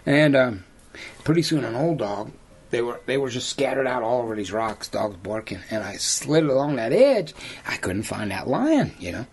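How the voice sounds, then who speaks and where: A man who works as a hunting guide, telling rambling yarns in an interview, often saying "you know" and laughing at his own stories. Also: on the high side. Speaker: lion hunter and outfitter guest. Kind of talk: storytelling in an interview.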